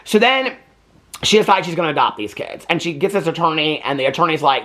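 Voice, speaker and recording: A man recaps a movie in a loose, rambling way, stringing thoughts together with "like" and "so anyway." He talks quickly, and his pitch bounces up and down as he acts out the characters' lines. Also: animated, a bit bright. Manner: rambling, chatty, heavy filler "like", acts out quotes. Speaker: movie reviewer.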